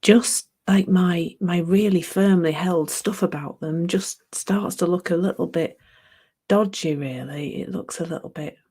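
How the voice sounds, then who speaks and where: A middle-aged woman giving a reflective spiritual talk, musing unhurriedly, laughing at herself and dropping into soft near-whispers. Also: fairly low pitch, unhurried, breathy edge.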